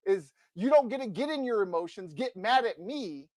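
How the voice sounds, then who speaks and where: A man's voice: high-pitched, lively intonation, moderate pace, darkish tone, dry recording. A man co-hosting a sports podcast, ranting with passion and emphatic, combative insistence into a close mic. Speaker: podcast co-host. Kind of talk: fired-up sports rant.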